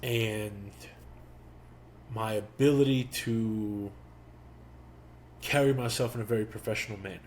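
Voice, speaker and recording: A young man hosting a podcast, telling a personal story slowly and reflectively, with pauses. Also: on the low side, a little mellow, slight background noise. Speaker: podcast host. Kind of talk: storytelling monologue.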